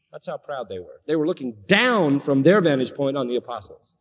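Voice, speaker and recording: A man preaching an expository sermon, emphatic, rising to high sarcastic tones when he quotes. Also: expressive, brisk. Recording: long hall reverb.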